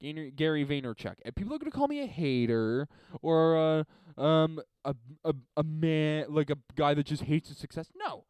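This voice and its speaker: A young man from Montreal hosting a podcast alone, ranting and swearing, swinging between loud and quiet. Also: on the high side, animated, moderate pace, clear, resonant tone, no room sound. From Montreal, Canada. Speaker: podcast host. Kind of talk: solo podcast rant.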